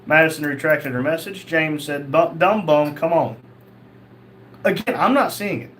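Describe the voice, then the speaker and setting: Reading viewers' chat aloud on his laid-back livestream, this host fires back blunt, crude, joking replies. He speaks at a moderate pace in a slightly high, fairly bright voice, with a bit of hiss or hum in the audio.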